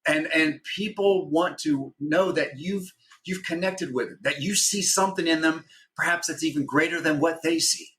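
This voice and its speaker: A man's voice: fairly high pitch, moderate pace, hardly any pauses, fairly bright tone. A man guest on a podcast, a former hostage negotiator, explaining a method step by step and often checking in with "right?". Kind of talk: explaining, instructive podcast talk.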